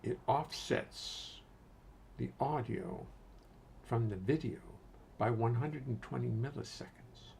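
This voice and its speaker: A man's voice: mid-range voice, slow pace, gravelly, a little mellow, a little hiss or hum. An older man casually hosting a livestream from his home studio, greeting viewers by name and muttering to himself as he adjusts settings.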